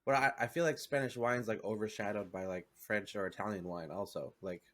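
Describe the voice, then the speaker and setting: A man's voice: lowish voice, steady tone, fairly quick, a bit bright. Rambling man in a loose podcast chat. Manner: rambling, filler-heavy, self-interrupting. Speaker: podcast co-host. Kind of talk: casual chat.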